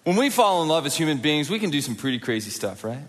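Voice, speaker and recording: A middle-aged man preaching a sermon in a large church auditorium, conversational and animated, often acting out quotes and asking the crowd for hands. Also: fairly high pitch, fast, big-room sound. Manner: animated, conversational, with acted-out quotes and audience prompts. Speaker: pastor.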